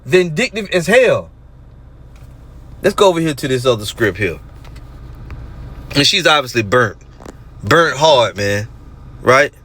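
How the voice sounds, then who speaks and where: A man's voice: medium pitch, very animated, unhurried, pauses often, fairly bright tone, breathy edge. A man, ranting in a casual monologue and reading scripture aloud between mocking remarks. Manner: rants and mocks, reads verses aloud. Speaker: religious group commentator.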